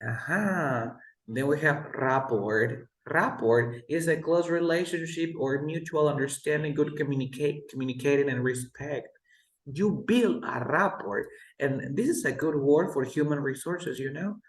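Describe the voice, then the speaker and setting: Patient male English teacher in an echoey room. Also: fairly high pitch. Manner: patient, models words slowly and repeats them. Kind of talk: one-to-one pronunciation lesson.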